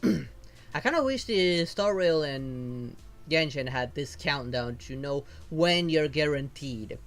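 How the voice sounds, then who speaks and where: A man's voice: a little high, expressive, slow, fairly bright tone. A man streaming as a VTuber, casually thinking aloud while he pulls and sorts game rewards. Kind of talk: casual gameplay commentary.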